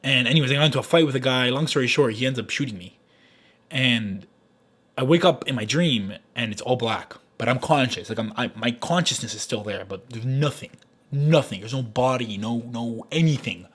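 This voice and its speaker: A man in his twenties ranting in a vlog, frustrated and swearing, swinging from low mumbles to yelling. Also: a little fast, slightly rough. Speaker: vlogger.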